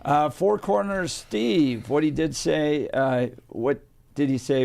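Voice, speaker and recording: A man hosting a talk radio show in a studio, reading listener texts aloud in a brisk announcer manner. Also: a little high, gravelly, a little mellow.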